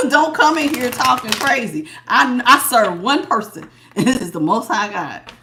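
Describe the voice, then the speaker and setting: A woman's voice: on the high side, animated, a little slow, noisy background. A woman hosting a live tarot reading, chatting casually with viewers and laughing often.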